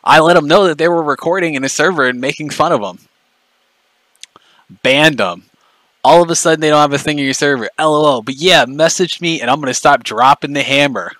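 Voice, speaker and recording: A streamer rants angrily on a livestream, profane, mocking, and confrontational. His voice is a little high and fairly bright, he speaks briskly, and the poor audio has no echo.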